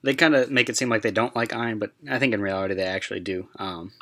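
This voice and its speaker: A man's voice: lowish voice, fairly even intonation, fast, pushed and bright. A man hosting a casual podcast, agreeable, steering the talk from one topic to the next. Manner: agreeable, steers the episode rundown. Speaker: podcast host. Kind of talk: casual chat.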